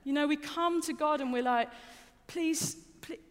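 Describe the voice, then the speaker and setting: Her voice sits high and moves briskly as this young adult woman gives an informal, personal sermon. She talks conversationally, frequently repeating words and directing questions at her listeners, recorded in a reverberant hall.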